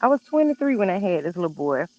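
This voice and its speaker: A woman's voice: fairly low pitch, sing-song, quick pace. Woman, 30s, casual chat, doting, exclamatory, slightly muffled sound. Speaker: participant.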